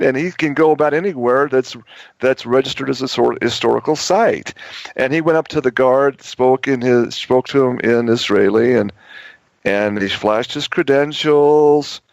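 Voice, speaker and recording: A man's voice: mid-range voice, no room sound. A man hosting a talk show, telling a long story in a rambling way with many restarts and repeated words. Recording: dull lo-fi audio.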